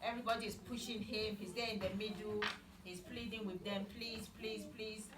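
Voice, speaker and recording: A woman with a mid-range, fairly even voice tells children a Bible story in slow, simple words, stopping to ask them questions. She's recorded far from the mic in an echoey room, with a noisy background.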